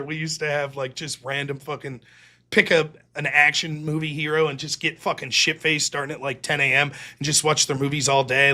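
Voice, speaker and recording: A man's voice: on the high side, bright, forceful tone. A man hosting a livestream, talking casually in a rambling, profane, jokey way. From United States. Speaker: livestream host.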